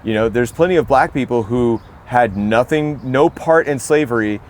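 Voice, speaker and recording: A man's voice: mid-range voice, moderate pace. An American man talking in a casual podcast conversation, telling stories in a rambling, reflective way. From United States. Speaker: podcast co-host.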